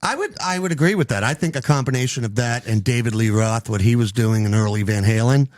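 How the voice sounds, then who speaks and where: A man's voice: medium pitch, fast talker, a little mellow, no echo, clean studio sound. A middle-aged man hosting a casual podcast chat, rambling with lots of ums and restarts. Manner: rambling, many fillers and restarts. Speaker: podcast host.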